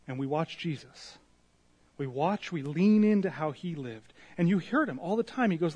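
A man's voice: a little high, expressive, normal speed, husky. A man preaching an earnest devotional sermon and prayer, full of rhetorical questions, his voice swelling and dropping. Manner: earnest, rising and falling in loudness, rhetorical questions.

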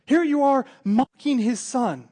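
A man preaching who acts out a dying thief, raising his voice high and strained as he pleads fiercely. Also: expressive, a little slow, warm tone, heavily acted. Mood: fierce pleading. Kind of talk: preaching, acting out a scene.

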